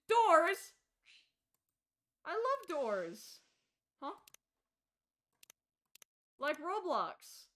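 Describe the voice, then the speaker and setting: A woman streaming a game live, excitable and chatting to her viewers as she plays. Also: extremely high pitch, very slow, pauses often. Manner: excitable, gasps and squeals at the game. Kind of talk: live gameplay commentary. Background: faint game music.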